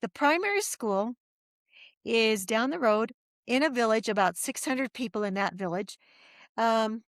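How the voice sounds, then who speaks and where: A woman's voice: fairly high pitch, no echo, studio quality. A middle-aged woman telling her story as a podcast guest, acting out the voices of people she quotes. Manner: lively storyteller who acts out quoted voices.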